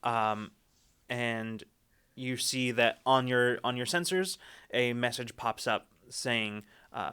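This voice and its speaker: Bright, clear-voiced male game master. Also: medium pitch, takes it slowly. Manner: rambling, many restarts and fillers. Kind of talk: narrating a tabletop game.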